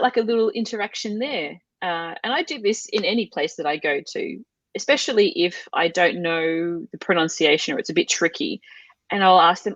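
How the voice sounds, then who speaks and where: A woman, a language teacher talking as an interview guest, lively and acting out little exchanges in a raised voice. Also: lowish voice, brisk, no echo. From Australia. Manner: animated, acts out quoted exchanges in a lifted voice. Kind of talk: conversational interview.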